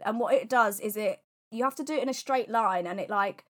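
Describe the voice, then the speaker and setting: A young woman co-hosting a podcast, telling self-deprecating stories in an animated, casual way. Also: medium pitch, fairly quick. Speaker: podcast co-host. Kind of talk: casual chat.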